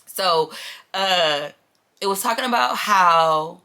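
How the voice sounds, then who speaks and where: A woman's voice: on the low side, moderate pace, bright, forceful tone. A woman chatting casually to camera from a small bedroom in her mother's house, drifting from personal sidebars into preaching. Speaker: vlogger.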